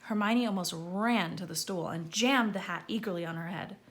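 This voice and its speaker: A woman's voice: fairly low pitch, normal speed. Woman reading a storybook aloud. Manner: lively, calling out names loudly. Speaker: audiobook reader.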